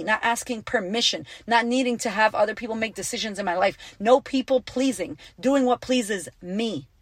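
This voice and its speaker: A woman coaching her listeners on a podcast, blunt and foul-mouthed, hammering her points home by repeating them. Her voice sits at an ordinary middle pitch for a woman. It comes through dry and close, with no room sound around it. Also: no echo. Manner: blunt, profane and emphatic, repeating phrases for punch. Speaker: podcast host and life coach. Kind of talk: casual motivational podcast talk.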